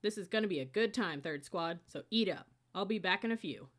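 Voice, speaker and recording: A brisk, upbeat male senior cadet in an audiobook, laying out a training course for his squad, as a woman narrator puts him on. He talks in a lifted, energetic tone. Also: medium pitch, natural voice.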